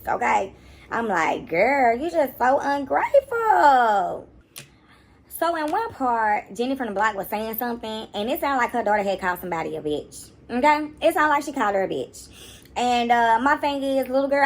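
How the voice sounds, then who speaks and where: A young woman, giving sassy, animated reaction commentary. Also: medium pitch. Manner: sassy, animated, mocking voices at times. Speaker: commentary YouTuber.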